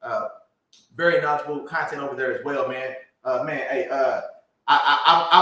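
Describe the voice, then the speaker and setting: Hoarse male podcast co-host, quick and loose, tags "man" onto everything; very echoey room. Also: on the high side, bright, forceful tone, far from the mic. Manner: ends nearly every phrase with "man". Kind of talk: casual podcast shout-outs. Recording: very echoey room, away from mic.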